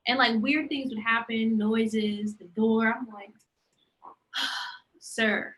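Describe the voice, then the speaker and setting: A young woman chatting casually as a podcast co-host, with a bright, forceful voice sitting a little high. She tells her stories animatedly and acts out the lines of the people in them. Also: steady tone, takes it slowly, rough recording. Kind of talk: casual chat.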